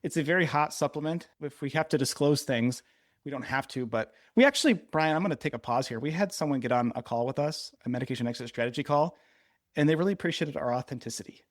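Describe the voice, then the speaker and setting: A man's voice: a little high, fast, no room sound, clean studio sound. A man co-hosting a podcast in casual chat, teasing his partner and explaining at length. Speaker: podcast co-host.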